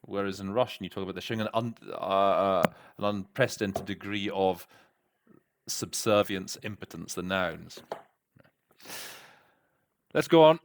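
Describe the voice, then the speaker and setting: A middle-aged man, a conference interpreter, interpreting a speech and then talking through his word choices, often pausing and restarting. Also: sits low, noisy background. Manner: thinks aloud, hesitant, many restarts. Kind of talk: interpreting practice with commentary.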